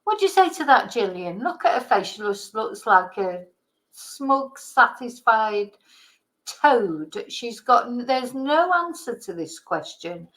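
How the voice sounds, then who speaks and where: A woman's voice: a little high, sing-song, unhurried, poor audio. A woman from Britain, a vlogger, delivering an indignant, heated political rant with some swearing.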